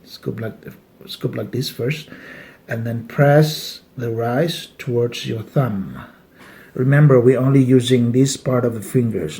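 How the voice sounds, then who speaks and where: At a dining table, this Malaysian etiquette instructor calmly walks through how to eat in a casual demonstration, joking lightly along the way. He speaks slowly, with a medium pitch and a dark tone.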